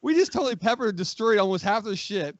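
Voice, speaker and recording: A man in his forties, a magazine editor, telling a profane, animated war story on a podcast and acting out what others said. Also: high voice, fast, dry recording, lo-fi sound. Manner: profane, animated, acts out quoted voices. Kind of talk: casual storytelling, war anecdote.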